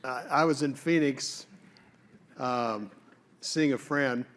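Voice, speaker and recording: A man telling a personal faith testimony in a conversational way, pausing often as he recalls events. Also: mid-range voice, a bit bright. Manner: conversational, with pauses and fillers.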